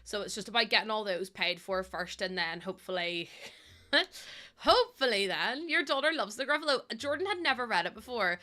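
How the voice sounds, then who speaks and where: A woman streams a game while chatting casually and rambling, giggling often, saying um a lot, and cooing baby talk to her dog. Her voice is medium-pitched and sharp-toned, with lively intonation and a moderate pace.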